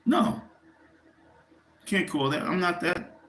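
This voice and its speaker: A man's voice: high voice, very animated, slow pace, a bit bright, roomy sound. A man hosting a livestream, ranting casually and profanely in a rambling, heated way and speaking directly to his viewers. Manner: addresses viewers directly, asks for likes. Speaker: livestream host.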